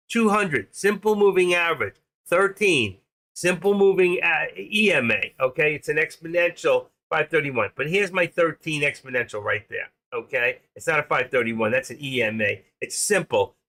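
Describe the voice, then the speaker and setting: An older man hosting a live trading stream, talking in an excitable, rambling casual way. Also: on the high side.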